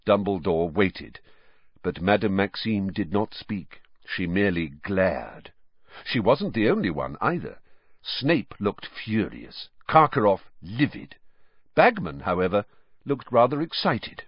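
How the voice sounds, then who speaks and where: A man narrating an audiobook in an expressive, varied way, on slightly dull audio. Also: fairly low pitch, unhurried, breathy edge, no room sound. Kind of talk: scripted narration.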